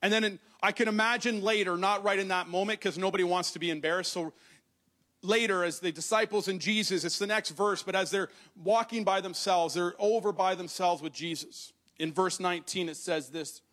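A pastor with a high, fairly bright voice preaches briskly to a congregation in a church hall. He reads scripture aloud and explains it conversationally, addressing the listeners directly.

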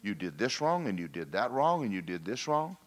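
A man preaching a lively sermon, folksy and animated, slipping into mock voices and asides to the congregation. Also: on the low side, fairly quick. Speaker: pastor.

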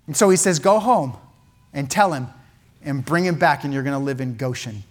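A male pastor preaching a sermon with feeling, swinging from loud emphatic peaks to hushed, quiet lines. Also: medium pitch, lively intonation, normal speed.

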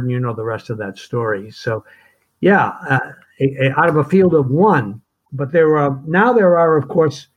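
An older man with a fairly high voice looks back on his firm's early days, reflective and halting. The recording sounds a little muffled and lo-fi. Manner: reflective, halting restarts and chuckles. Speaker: firm co-founder. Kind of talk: reminiscing conversation.

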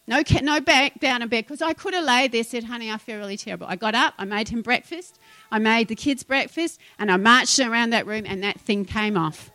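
A middle-aged woman preaching a sermon, feisty and emphatic, moving between loud declarations and quiet asides. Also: a little high, dry recording.

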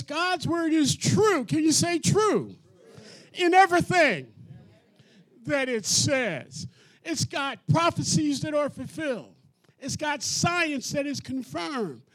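A man preaching an emphatic sermon, calling on his audience to repeat key words back to him. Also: very high-pitched. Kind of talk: energetic call-and-response sermon.

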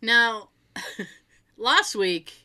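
A woman co-hosts a relaxed chat, her voice bright and sitting a little high. She tells family stories with animated energy, swears casually and acts out what her relatives said. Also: drawn-out words.

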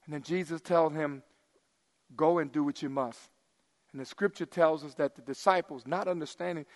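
A middle-aged male pastor preaching in a high-pitched, lively voice. He swings between loud, emphatic bursts and quiet, hushed asides. His sermon rings out with a long reverb, as in a church sanctuary.

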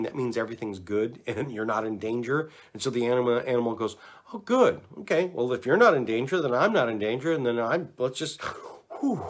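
A man giving relaxed, chatty instructions on neck exercises, talking to the camera and demonstrating as he goes. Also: medium pitch. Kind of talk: casual instructional talk to camera.

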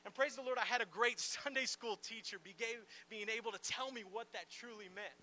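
A man preaching a sermon to a church gathering in an animated, conversational way, with playful asides and lots of "like" fillers. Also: very high voice, fairly quick. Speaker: pastor. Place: church gathering in a large room.

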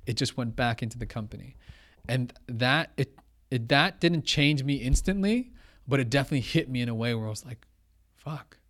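A young man speaks as a podcast guest, telling an anecdote with lively energy. He acts out both sides of a conversation and keeps it loose and casual. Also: medium pitch, moderate pace. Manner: animated, quotes others, says blah blah. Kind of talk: casual storytelling.

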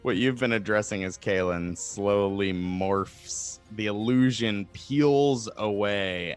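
A man's voice: low-pitched, a bit bright. A man narrating as game master of a tabletop game, in a loose, rambling way with many fillers.

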